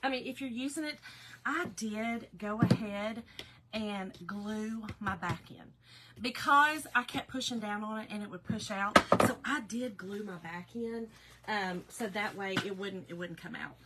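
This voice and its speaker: A woman's voice: medium pitch, unhurried, heavy background noise. A woman with a Southern US accent chatting casually with viewers during a live crafting video, folksy and talkative. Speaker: craft business owner hosting a live video.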